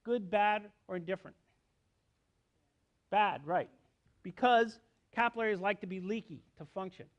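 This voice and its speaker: A man's voice: sits high, a little slow, pauses often. A middle-aged man giving a university biology lecture, explaining step by step and checking in with students. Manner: explanatory, asks students questions, frequent "okay?". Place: lecture hall.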